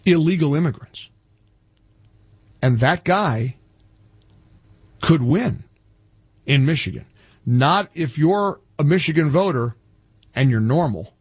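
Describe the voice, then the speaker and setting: A man's voice: on the high side, lively intonation, slow pace, pauses often, husky, dry recording, clean studio sound. A man hosting a talk radio show, delivering emphatic, scornful commentary in a punchy way.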